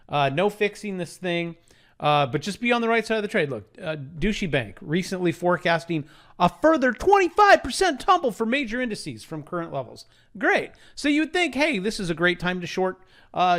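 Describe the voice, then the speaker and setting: A man with a high voice that swings widely in pitch, riffing sarcastically on economic headlines. He mocks each item he reads and keeps switching tones. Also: a bit bright. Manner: mocking, exaggerated sarcasm. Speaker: market commentator. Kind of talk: sarcastic market commentary.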